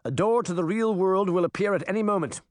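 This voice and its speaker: A man voicing a determined, gallant prince who speaks in a hurried, forceful way. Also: high voice, no room sound, clean studio sound, pitched above the performer's own voice, natural voice. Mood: urgent.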